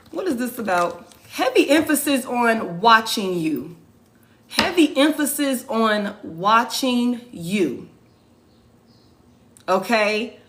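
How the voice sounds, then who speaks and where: A woman's voice: a little high, fairly bright tone, slight background noise. A woman giving a casual tarot reading, swearing freely and repeating her points for emphasis. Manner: profane, emphatic, repeats phrases. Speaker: tarot reader.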